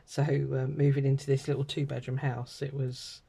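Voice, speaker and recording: A middle-aged British woman with a croaky throat, chatting and rambling casually while she stamps and colours a card. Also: rumbling low, little pitch movement, normal speed, warm tone. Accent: British English. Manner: chatty and rambling, many ums and asides. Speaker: craft vlogger.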